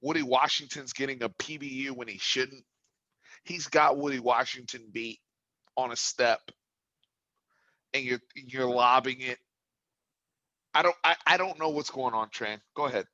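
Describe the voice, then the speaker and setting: A man with a bright, forceful voice hosts a heated postgame reaction. He talks as a fan first and vents his frustration, at times raising his voice to a yell. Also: mid-range voice, normal speed, pauses often, lo-fi sound. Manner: impassioned, builds to yelling. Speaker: sports talk host.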